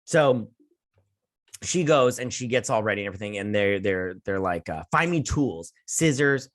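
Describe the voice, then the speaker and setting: A young man hosting a casual episode review, recapping the plot sarcastically and mocking the characters' lines in quick put-on voices. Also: lowish voice. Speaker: show host.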